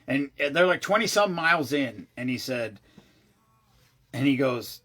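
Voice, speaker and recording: Swearing freely and often starting sentences over, a vlogger excitedly rambles through a long story in a casual way. He speaks at medium pitch, a little slow.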